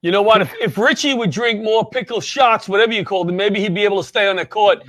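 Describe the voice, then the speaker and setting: A man's voice: sits high, fast, a bit bright, dry recording. A man hosting a talk show, bantering chummily with guests in casual interview chat.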